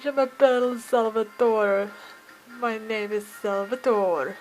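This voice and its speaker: A woman's voice: fairly high pitch, takes it slowly, soft background music, poor audio. A woman reading as a jovial male language teacher. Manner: theatrical, sprinkles foreign words. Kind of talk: reading game dialogue aloud.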